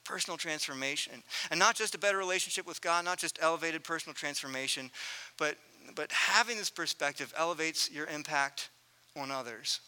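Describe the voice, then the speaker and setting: A man in his thirties preaching a sermon, telling a family story earnestly and swinging from loud to hushed. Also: on the high side, a little fast, clean tone. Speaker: pastor.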